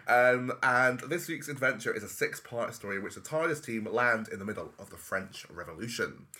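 Lively playful man podcasting. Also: medium pitch, brisk. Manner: jokey, playful, laughing often. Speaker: podcast co-host. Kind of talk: casual chat.

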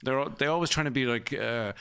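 Bright-voiced Irish man chatting. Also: mid-range voice, quick pace, vocal fry, clear, resonant tone. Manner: jokey, slips into mock radio voices. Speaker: podcast co-host. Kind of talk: casual chat.

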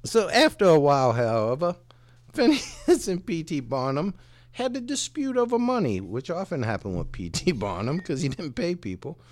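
Male podcast host, lively swearing storyteller, slightly high voice. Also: moderate pace. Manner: profane, laughing, joke-telling storyteller. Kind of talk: casual comedic podcast chat.

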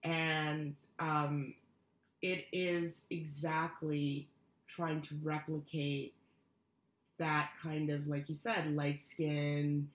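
A woman's voice: low voice, level tone, extremely slow, reverberant. A woman co-hosting a podcast in casual chat, hesitant and full of fillers. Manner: hesitant, many fillers and restarts. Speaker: podcast co-host.

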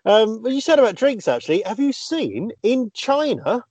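A man, throwing in quick teasing remarks in a casual podcast chat. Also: very high-pitched, sing-song, highs cut off, over music.

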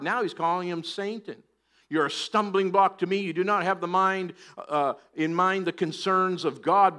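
A man's voice: high-pitched, pushed and bright. A middle-aged man preaching a sermon, animatedly acting out scripture voices. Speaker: pastor.

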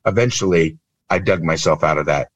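A man's voice: very deep voice, a little fast, dry recording, highs cut off. A man in his fifties from California, telling stories animatedly with acted-out quotes as a guest on a video call interview. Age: 50s. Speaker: guest, improv trainer and speaker. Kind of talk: emotional interview talk.

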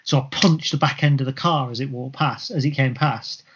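Bloke telling a story on a footy podcast, animated, swears a bit, muffled lo-fi sound. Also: male voice, medium pitch, normal speed, slightly rough. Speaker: podcast co-host. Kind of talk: casual chat. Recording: slightly dull lo-fi sound.

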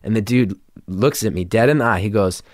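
A young adult man telling a story in casual chat, animated, jumping into loud high voices when he quotes people. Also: fairly quick, dry recording, clean studio sound.

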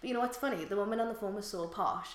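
A woman's voice: mid-range voice, rapid-fire, roomy sound. A woman, co-hosting a podcast in casual chat, telling stories and laughing often. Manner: chatty storyteller, laughs often. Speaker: podcast co-host.

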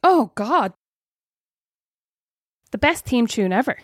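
A woman's voice: a little high, very animated, slow pace, no echo, clean studio sound. A young woman co-hosting a podcast, chatting casually and reminiscing with easy laughter. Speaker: podcast co-host. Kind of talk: casual chat.

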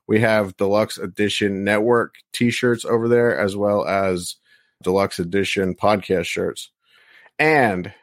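A man's voice: on the low side, no echo, clean studio sound. A man co-hosting a casual wrestling podcast, talking in a rambling way with many restarts. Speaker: podcast co-host.

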